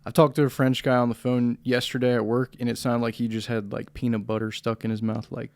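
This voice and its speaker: Young guy hosting a podcast, mid-pitch, rambly and chill, dry close sound. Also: flat delivery, a little fast, a little mellow, dry recording. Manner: laid-back, rambling, laughs often, swears. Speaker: podcast host. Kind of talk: casual podcast chat.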